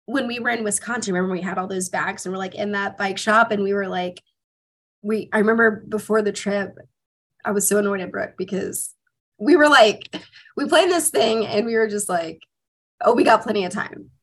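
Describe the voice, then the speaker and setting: A woman's voice: mid-range voice, normal speed. Chatty woman telling stories, peppered with "like". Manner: animated storytelling, heavy use of "like", swears freely. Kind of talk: casual chat.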